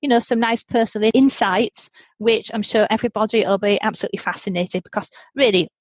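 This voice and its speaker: A middle-aged British woman hosting a podcast interview, chatty and quick to laugh, often restarting her sentences. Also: medium pitch, no room sound. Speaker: podcast host. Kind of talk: casual interview chat.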